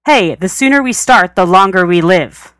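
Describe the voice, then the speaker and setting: Casting: woman voicing a low, indignant genius scientist, dry close sound. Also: moderate pace, bright, forceful tone, no room sound. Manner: indignant, complaining. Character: prickly know-it-all male scientist.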